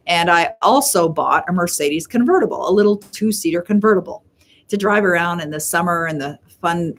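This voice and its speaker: A chatty middle-aged Canadian woman with a low voice hosts a live Q&A coaching talk, answering viewer questions. She tells stories, acts out quoted voices, and slows down to stress key points.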